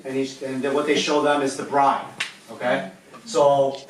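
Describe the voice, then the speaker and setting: Man teaching from a far, very echoey mic. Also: fairly high pitch. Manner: checks in with the audience often. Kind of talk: teaching a class.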